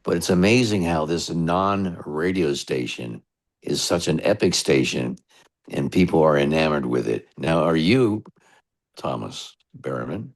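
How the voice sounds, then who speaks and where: American radio DJ guest, deep and gravelly, spins loose anecdotes. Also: male voice, expressive, unhurried. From United States. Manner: chatty, rambling anecdotes. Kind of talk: casual storytelling interview.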